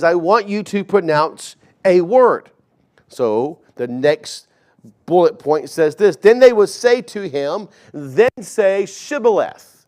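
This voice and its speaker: Slow, higher-voiced man preaching. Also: darkish tone, smooth. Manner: conversational teaching with asides to the congregation. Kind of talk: sermon.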